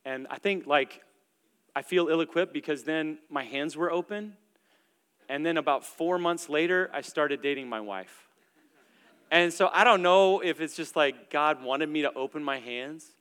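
A young adult man preaching a sermon in a relaxed, conversational way, with plenty of filler words. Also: a little high, a little slow, clean tone. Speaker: pastor. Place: church auditorium stage. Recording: long reverb from a large hall.

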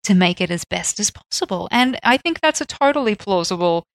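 A woman's voice: mid-range voice, animated, fairly quick, no room sound. A woman co-hosting a casual podcast, joking and bantering with her co-host. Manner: jokey, banters and interjects. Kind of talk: casual chat.

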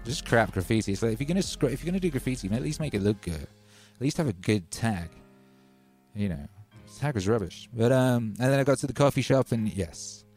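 A man's voice: mid-range voice, lively intonation, fairly quick, darkish tone, soft background music. A man hosting a livestream, telling rambling, wry stories in a casual chat from home. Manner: chatty, wry storytelling with hype openers. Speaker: livestream host.

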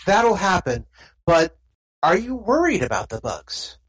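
A nonchalant man guarding a strange book speaks in a calm, soothing, cryptic way in a tabletop game, as the game master puts him on. His voice is pitched up and a little husky. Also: unhurried, poor audio. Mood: reassuring.

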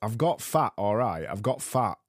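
A man's voice: lowish voice, sing-song, moderate pace, over loud music. Sarcastic Yorkshire man hosting a podcast. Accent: Barnsley, Yorkshire. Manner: rambling, self-mocking and sarcastic. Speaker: podcast host. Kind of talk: solo podcast with quiz segments.

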